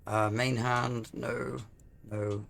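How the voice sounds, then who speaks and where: Male let's-play host, middle pitch, musing over menus, throat a bit rough from coughing. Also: very slow. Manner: relaxed, musing aloud over game menus. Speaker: gaming channel host. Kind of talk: casual let's-play commentary.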